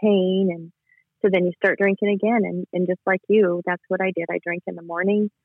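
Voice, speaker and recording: A man giving an earnest, halting and emotional personal testimony as a guest over the phone. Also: high voice, little pitch movement, breathy edge, dry recording. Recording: tinny phone line.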